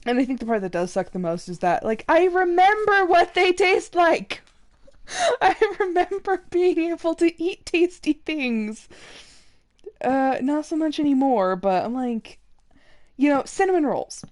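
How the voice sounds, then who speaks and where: Young woman streamer, high voice, chatty, laughs a lot. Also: big pitch swings, measured pace. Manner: chatty, laughs often, quotes others in raised voice. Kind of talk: casual chat while gaming.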